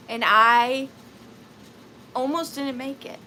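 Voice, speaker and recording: A woman in her thirties with a Southern US accent, hosting a live vintage sale in a chatty, upbeat way with high squeals. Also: fairly even intonation, unhurried, noisy background. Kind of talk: casual live-stream selling chat.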